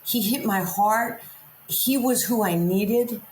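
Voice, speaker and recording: Speaking slowly at a medium pitch, this Queens, New York woman is a guest sharing her life story with candor. She's a vivid storyteller who performs the words others said to her, heard in a roomy echo with a little background noise.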